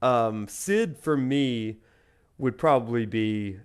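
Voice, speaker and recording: Brief: man from Alabama, game streamer and professor, rambling casual chat with viewers, mid-pitched voice. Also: takes it slowly, smooth. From Alabama, USA. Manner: rambling and chatty, answers chat with frequent fillers.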